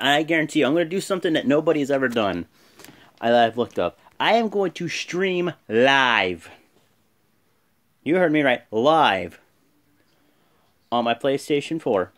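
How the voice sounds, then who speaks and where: Animated man recapping a show. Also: medium pitch. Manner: excitable, animated retelling. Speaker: video host.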